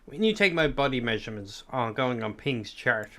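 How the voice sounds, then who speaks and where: A man's voice: medium pitch, big pitch swings, normal speed, sharp tone, a little hiss or hum. A man with an Irish accent chatting casually to his live chat, rambling and swearing freely, sometimes eating sweets as he talks. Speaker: streamer.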